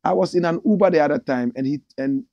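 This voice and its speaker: A man with a Ghanaian accent hosting a casual livestream, animated as he reads out viewer comments. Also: on the high side, quick pace, creaky, dry recording, dull audio. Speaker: host.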